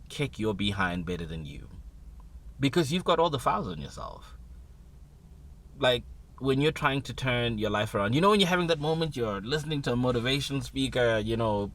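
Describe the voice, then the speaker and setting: Host delivering a loose motivational monologue, lower voice, playful. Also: male voice, a little hiss or hum. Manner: conversational, playful asides, dynamic.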